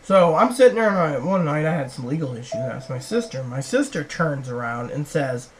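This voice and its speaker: A woman's voice: sits low, very animated, a little fast, a little hiss or hum, low-quality recording. A woman vlogger rambling through personal stories, acting out what other people said. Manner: rambling, acts out quoted people. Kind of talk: rambling personal storytelling to camera.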